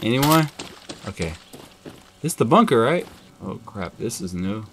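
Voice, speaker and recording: A man giving casual, chatty let's-play commentary, now and then cooing at an in-game dog in a high coddling voice. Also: animated, a little slow, long pauses, noisy background. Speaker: gaming video host. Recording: game music playing behind voice.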